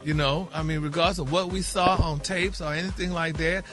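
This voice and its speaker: A man's voice: fairly high pitch, fairly even intonation, a little fast, a bit bright, faint music behind. A man hosting a morning radio gossip segment, sassy and chatty, calling everyone "honey". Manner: sassy, peppers talk with "honey".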